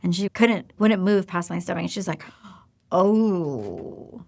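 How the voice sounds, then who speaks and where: Candid woman host with a gravelly voice. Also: on the low side, steady tone, fairly quick, a little mellow. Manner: candid, confiding, addresses listener directly. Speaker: podcast host. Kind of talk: personal storytelling monologue.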